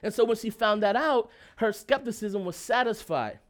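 Animated man telling a personal story. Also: high-pitched, moderate pace. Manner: lively, emphatic, often checks in with "right?" and "okay?"; laughs while talking.

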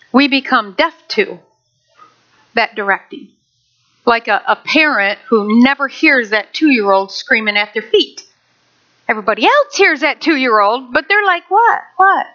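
Animated high-voiced woman pastor preaching. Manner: lively, animated storytelling with acted-out quotes. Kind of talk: sermon. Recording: dull lo-fi sound.

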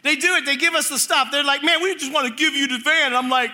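A male preacher telling a funny story in a sermon, animated and acting out voices, laughing as he goes. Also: very high-pitched, fast talker, hardly any pauses, a little hiss or hum.

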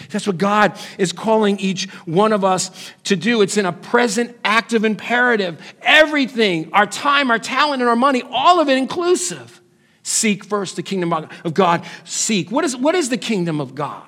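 High voiced guy preaching a sermon, emphatic, gets loud then drops real quiet. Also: expressive, normal speed. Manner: emphatic preaching with dramatic swings in pitch and loudness. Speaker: pastor.

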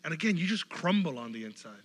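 A man preaching a casual, joking sermon, acting out quick bits of dialogue. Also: on the high side, in a large hall. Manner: animated, jokey, acts out quick voices. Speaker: pastor.

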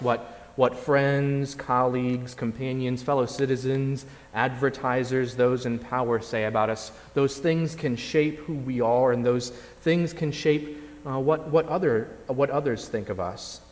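A man from Indiana preaching a sermon, measured and reflective, with occasional fillers and repeated words. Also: mid-range voice. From Indiana, USA. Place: church sanctuary. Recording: long reverb of a large church.

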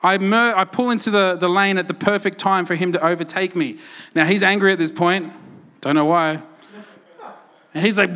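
A man preaching a sermon, telling stories and acting out quotes with lively energy. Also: sits high, moderate pace. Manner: animated storytelling, acts out quotes loudly. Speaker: pastor.

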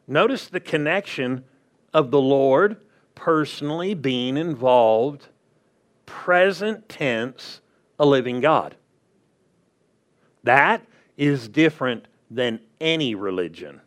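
A man's voice: mid-range voice, expressive, slow pace, long pauses, a bit bright. A man preaching a sermon in a conversational way, often checking in with the congregation. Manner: conversational preaching, asks the crowd "are you with me". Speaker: pastor.

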